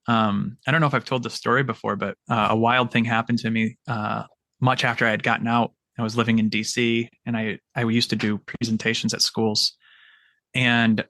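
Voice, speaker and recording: A man, a military veteran, telling a story on a podcast in a halting way, often repeating words. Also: lowish voice, creaky, bright, forceful tone, no echo.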